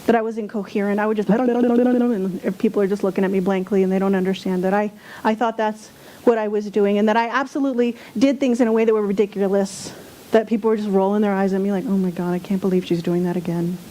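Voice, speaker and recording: A woman's voice: mid-range voice, steady tone, fast, mellow. A woman giving a sermon as a spiritual speaker, candid and self-deprecating, sometimes mocking her own angry outbursts.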